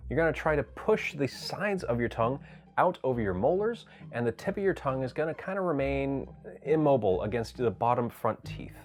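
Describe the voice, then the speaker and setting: A man's voice: medium pitch, lively intonation, brisk, darkish tone. A man teaching voice acting in a casual video tutorial, demonstrating each technique as he explains it.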